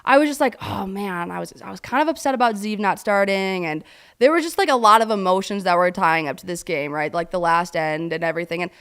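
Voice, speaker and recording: A woman co-hosting a casual sports chat, talking excitedly with lots of "like" and some swearing. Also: medium pitch, fast talker, clean tone. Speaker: co-host.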